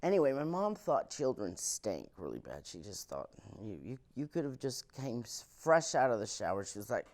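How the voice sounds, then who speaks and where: A man's voice: normal speed, hardly any pauses. A young man doing stand-up comedy, telling family stories with mock-confiding asides. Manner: animated, wild pitch swings, mock-confiding asides.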